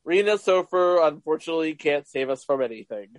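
A man's voice: a little high, expressive, brisk, dry recording. A man co-hosting a podcast, talking casually in a dry, matter-of-fact way. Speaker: podcast co-host. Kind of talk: casual chat.

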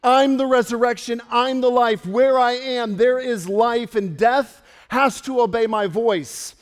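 Male pastor as Jesus: a commanding, proclaiming man, high-pitched, heard with long hall reverb. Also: fairly even intonation, measured pace. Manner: bold, proclaiming first-person declarations.

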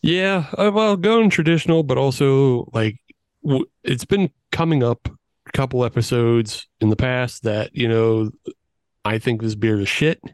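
A man co-hosting a beer podcast, his voice at an ordinary middle pitch, blunt and quick to curse and laugh. The recording is close and completely dry. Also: a little mellow, no echo. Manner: blunt, sweary, laughs often. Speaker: podcast co-host. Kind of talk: casual chat over beers.

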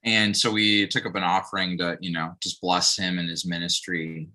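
A man's voice: sits low, flat delivery, normal speed, bright, forceful tone, low-quality recording. A man in casual podcast chat, a co-host speaking earnestly and leaning on lots of fillers. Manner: earnest, uses many fillers. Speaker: podcast co-host, campus minister.

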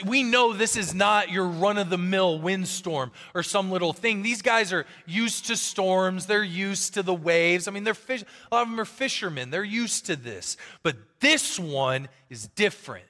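A man preaching a sermon as pastor, animated and conversational, acting out quotes from the people in his stories. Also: sits high, long reverb tail.

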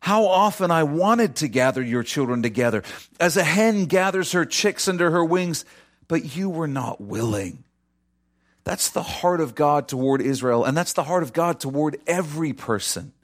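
A man's voice: fairly high pitch, animated, moderate pace. Impassioned male preacher, rising and falling. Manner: addresses the congregation directly, conversational asides. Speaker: pastor. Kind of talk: sermon.

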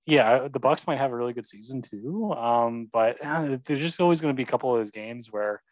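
A man's voice: medium pitch, brisk, dry recording, low-quality recording. A young man chatting about football, agreeable and hesitant, full of ums and yeahs. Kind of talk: casual sports chat.

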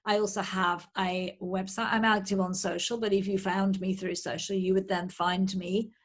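A woman's voice: mid-range voice, little pitch movement, normal speed. Woman coach explaining her work. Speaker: menopause coach. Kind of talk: interview guest.

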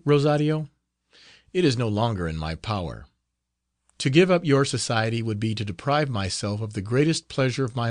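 A fatherly friar speaks with earnest tenderness, voiced by a man reading a novel aloud. His voice sits at a middle pitch and moves through a wide, expressive melody. The sound is close and dry. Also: no room sound, lightly acted. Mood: reassuring. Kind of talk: audiobook character reading.

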